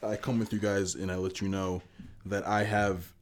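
A man co-hosting and producing a podcast, teasing his friends with dry, deadpan humor. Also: low-pitched, normal speed. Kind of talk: joking casual chat.

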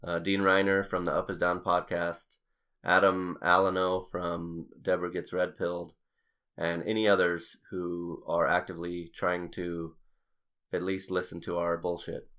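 Deep-voiced young male podcast host; rambling, halting, casual. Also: completely flat delivery, fairly bright tone. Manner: rambling, halting with many restarts and fillers.

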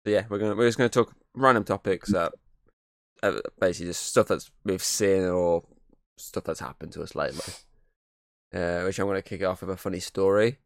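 Sweary low-voiced podcast host. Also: male voice, brisk, no echo, studio quality. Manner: rambling, sweary, laughs often. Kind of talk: casual podcast chat.

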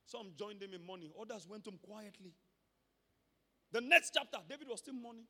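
Nigerian pastor preaching, high bright voice, gets loud n emphatic, big echo hall. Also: male voice, lively intonation, normal speed, slightly rough. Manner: emphatic, swings from quiet to shouting. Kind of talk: sermon. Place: church. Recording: long hall reverb.

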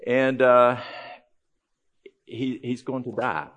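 A man's voice: mid-range voice, flat delivery, slow, a bit bright, muffled recording. Folksy male speaker telling a story. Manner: conversational, folksy, with frequent restarts. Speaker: health ministry speaker. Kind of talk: storytelling talk to a live audience.

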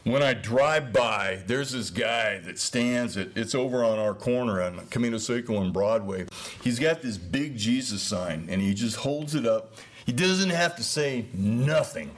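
Animated man preaching a casual sermon. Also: mid-range voice, unhurried. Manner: casual, conversational, acts out voices of biblical figures. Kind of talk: informal sermon.

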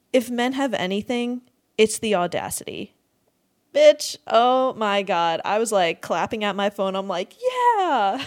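A young woman hosting a podcast, ranting in a crude, exasperated comedic monologue, swearing freely and breaking into laughter often. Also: mid-range voice. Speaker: podcast host.

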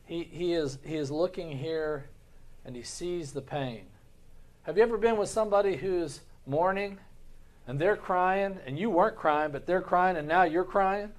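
A male pastor leads a Sunday school lesson in a fairly high voice. He talks earnestly, restarts and repeats his words, and keeps asking the class questions. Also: normal speed. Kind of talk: Bible class teaching.

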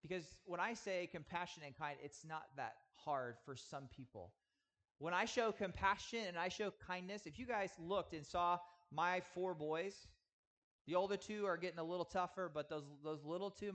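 A man's voice: high voice, a bit bright. Earnest man preaching a sermon. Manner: earnest, emphatic with slow drawn-out stresses. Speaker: pastor. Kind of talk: sermon teaching.

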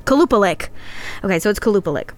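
A woman's voice: mid-range voice, lively intonation, fast. A woman co-hosting a casual podcast, reading a legend from her notes with frequent laughs and stumbles. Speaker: podcast co-host.

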